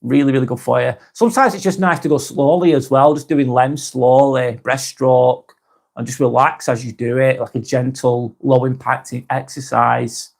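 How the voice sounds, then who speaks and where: A man hosting a casual live stream, talking softly and unhurriedly, apologising often and reading out viewer comments. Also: mid-range voice, fairly even intonation, vocal fry. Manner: soft, unhurried, apologetic, with frequent ums and restarts.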